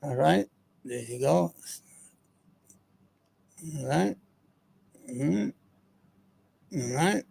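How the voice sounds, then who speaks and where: A man with a notably high-pitched speaking voice and a gravelly edge hosts his own channel. He rambles casually, swears freely and mutters to himself while he hunts for clips, then launches back into his opinions. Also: lively intonation, drawn-out words, long pauses, dark tone. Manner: loose, profane, muttering to himself between points. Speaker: solo commentary host.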